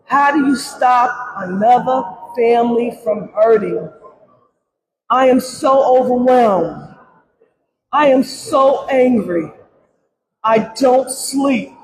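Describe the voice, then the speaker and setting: Pleading and tearful, a grieving middle-aged grandmother speaks at a press conference, frequently repeating herself amid crowd noise. Her fairly high voice is animated yet unhurried, broken by many pauses, and the recording quality is low.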